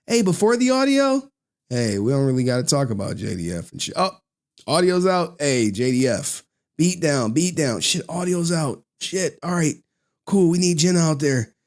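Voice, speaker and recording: A man's voice: a little high, a little mellow. A man giving casual reaction commentary, blunt and profane, often repeating phrases for emphasis. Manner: blunt, profane, exasperated ranting.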